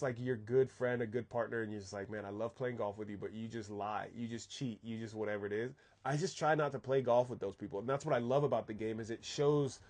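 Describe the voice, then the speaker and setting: A man hosting a live golf talk stream, chatting casually and answering viewers' questions. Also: mid-range voice. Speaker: golf coach host.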